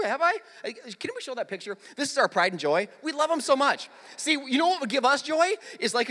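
A man's voice: high voice, big-room sound. A man pastor giving a sermon, telling jokes and stories and getting the audience to repeat lines. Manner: animated storytelling with jokes and audience prompts. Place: church auditorium.

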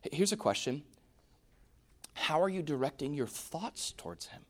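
A man preaching a sermon, swinging from loud, emphatic peaks to hushed, near-whispered lines. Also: a little high, sing-song, normal speed. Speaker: pastor.

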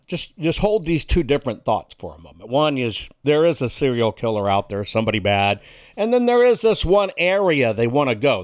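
A man's voice: medium pitch, clean tone, no room sound, studio quality. A male talk radio host delivering a combative monologue and building up a hypothetical scenario. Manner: combative, emphatic, insulting opponents.

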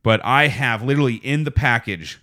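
A man hosting a podcast in casual chat, rambling with many restarts and fillers, putting on a deep radio-style voice. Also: a little fast, pushed and bright. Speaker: podcast host. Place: small home studio.

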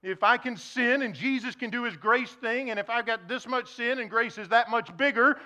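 A preacher doing a flippant excuse-making churchgoer. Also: male voice, very high-pitched, normal speed, pushed and bright, voice pushed up, heavily acted. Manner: breezy, bargaining, self-excusing. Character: imaginary self-indulgent churchgoer, flippant adult man.

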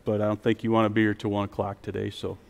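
A male pastor preaching a sermon in a church, rising to emphatic peaks and then dropping to a soft, quiet voice to lead prayer. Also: on the low side, completely flat delivery, quick pace, vocal fry, long reverb tail. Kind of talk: sermon with altar call. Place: church sanctuary with online stream.

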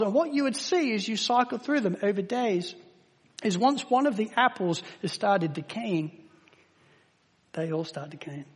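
An English man preaching a sermon to a congregation, emphatic, slowing down to stress words and rising in volume at key points. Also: high voice, husky. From England. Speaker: pastor. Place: church hall with long reverb. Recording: reverberant church hall.

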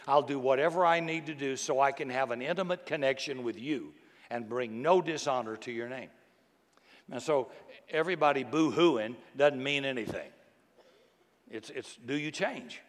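A man preaching a sermon in a folksy, animated way, dropping to hushed tones and bursting out loud. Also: mid-range voice. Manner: folksy, animated storytelling with sudden loud outbursts and soft hushed passages. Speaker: pastor. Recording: long reverb from a big hall.

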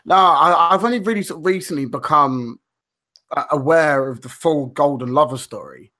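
A man's voice: a little high, normal speed, pushed and bright. A man co-hosting a podcast, rambling through a story in casual chat with lots of fillers, restarts and swearing. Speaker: podcast co-host.

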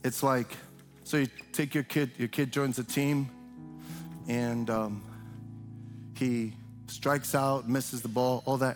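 An older pastor preaches loosely and conversationally in a church sanctuary, breaking into shrill mimicry when imitating cheering parents. Otherwise his tone stays steady, and he speaks slowly with frequent pauses over soft background music.

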